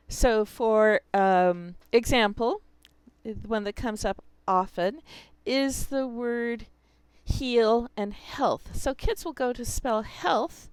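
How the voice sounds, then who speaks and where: A woman's voice: medium pitch, clean tone, dry recording. A woman teacher explaining how she teaches spelling, talking through her students' examples as she goes. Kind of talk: instructional video.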